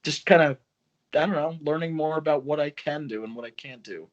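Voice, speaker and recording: A man's voice: on the high side, a little fast, slight background noise. Man, small press publisher, loose swearing talk, dull lo-fi call sound. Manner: loose, swearing, laughs often. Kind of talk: casual video call chat. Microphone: video call.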